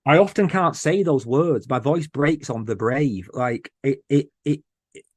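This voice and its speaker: A man guest on a podcast, talking in an earnest, emotional way with many halting restarts. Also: medium pitch, a little mellow, no room sound. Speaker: podcast host, interview guest. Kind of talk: casual interview chat.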